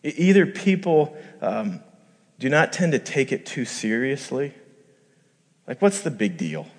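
A man's voice: medium pitch, sing-song, measured pace. Man preaching in a reverberant hall. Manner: conversational, acts out quoted voices, builds to emphatic peaks. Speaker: pastor. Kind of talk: sermon.

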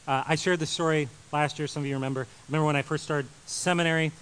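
A man in his thirties preaching a sermon, animated, moving from loud emphasis to quiet intensity. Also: a little high, quick pace, slight background noise, low-quality recording. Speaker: pastor.

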